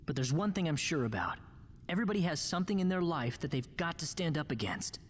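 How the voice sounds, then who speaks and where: An actress voicing a plainspoken young hero in a game who gives steady, matter-of-fact encouragement. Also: female voice, deep voice, fast. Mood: reassuring. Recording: reverberant game audio with faint noise.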